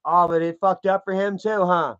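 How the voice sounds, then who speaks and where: A man's voice: high-pitched, fairly even intonation, normal speed, a bit bright, smooth. A man giving profane, heated commentary to his viewers, ranting as he browses online pages. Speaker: commentary vlogger. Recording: dull lo-fi sound.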